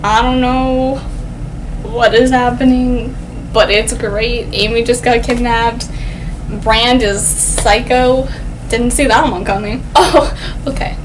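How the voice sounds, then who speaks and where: A woman's voice: a little high, steady tone, background noise. Chatty woman reviewing a book. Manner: chatty, full of "like" and quick laughs. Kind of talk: casual video book review.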